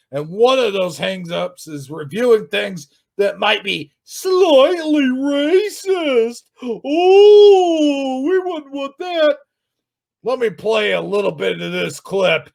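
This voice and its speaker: A man reviewing another YouTube channel in an angry, sarcastic rant, swearing and shouting often. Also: high voice, gravelly, breathy edge. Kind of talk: ranting video commentary.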